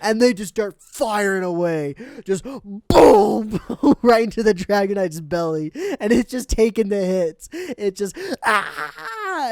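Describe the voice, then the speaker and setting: A man's voice: sits high, clean tone, dry recording, clean studio sound. A man co-hosting a casual podcast, recapping episodes with lots of giggling and silly quoted voices. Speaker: podcast co-host.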